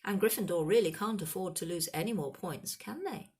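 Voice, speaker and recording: A woman voicing a cold, sneering male teacher in a storybook reading, speaking smoothly and with menace. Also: lowish voice, brisk, darkish tone, voice pushed up, close to an everyday voice. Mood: menacing.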